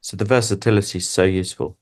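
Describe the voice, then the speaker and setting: British man explaining in a lowish voice. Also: fairly even intonation, quick pace, a little mellow. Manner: explanatory, thinks aloud with restarts. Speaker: animation director and guest. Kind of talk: casual interview chat.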